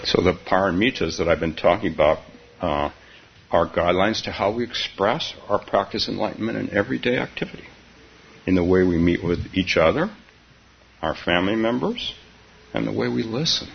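A man giving a dharma talk as a meditation teacher, soft-spoken and halting, often laughing gently between phrases. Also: deep voice, vocal fry. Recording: dull, slightly hissy recording.

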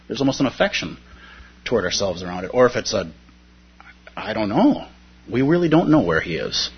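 A man's voice: medium pitch, sing-song, a little fast, husky. A man giving a reflective, conversational dharma talk about a poem, often checking in with his listeners. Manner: reflective, conversational, frequent "right?". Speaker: dharma teacher. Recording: muffled lo-fi talk recording.

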